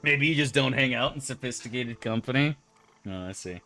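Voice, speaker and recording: A man's voice: medium pitch, brisk, bright, forceful tone, faint music behind. A man casually commenting on his gameplay for viewers, joking and crude. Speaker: streamer.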